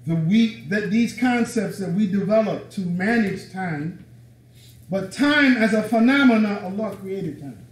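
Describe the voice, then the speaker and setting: High-voiced man preaching emphatically. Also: expressive, measured pace. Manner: emphatic, conversational preaching with casual slang. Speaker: religious teacher. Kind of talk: live lecture to a room. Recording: echoey room, voice from a distance.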